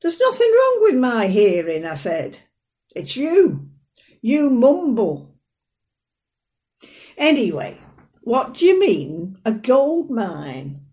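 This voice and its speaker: A woman performing a dramatic monologue as a fussy, proud, sharp-tongued elderly northern mother with a dry, plain-spoken manner. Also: on the high side, huge pitch swings, slow pace, long pauses, heavily acted. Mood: wry.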